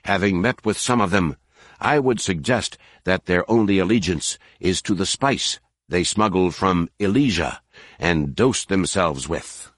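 A man's voice: low voice, animated, unhurried, fairly bright tone, no room sound, studio quality, full character voice. A man reading an audiobook, voicing a demoted alien officer who speaks in a clipped, restrained way. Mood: pointed. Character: demoted proud male alien officer, suppressing anger.

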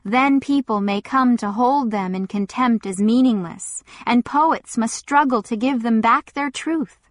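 Female audiobook narrator, measured and deliberate, slightly high voice, very slow pace, dry close sound. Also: no echo. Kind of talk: scripted narration.

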